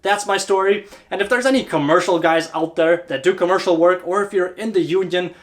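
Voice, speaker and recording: Give me a talkative man hosting his own channel, casual and friendly, slightly high voice. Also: brisk. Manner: chatty, keeps asking "right?". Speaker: HVAC technician and channel host. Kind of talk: casual storytelling to camera.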